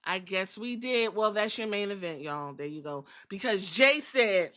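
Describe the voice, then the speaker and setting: A woman's voice: medium pitch, expressive, unhurried, few pauses, pushed and bright. A woman hosting a podcast, recapping wrestling in a sassy, profane, casual way. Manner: sassy, profane, acts out quotes. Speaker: podcast host.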